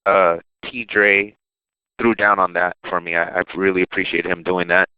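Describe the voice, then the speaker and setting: A man talks about his music in a casual interview, meandering with restarts and quick laughs. His voice sits low. The recording is dry and narrow, with a tinny, phone-like quality. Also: little pitch movement, clean tone, no room sound. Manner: loose, rambling, with restarts and laughs. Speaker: rapper and producer.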